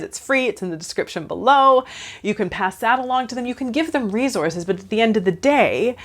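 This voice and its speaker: A woman in her thirties, a counsellor giving casual advice straight to camera, animated and talking directly to her viewers. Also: mid-range voice.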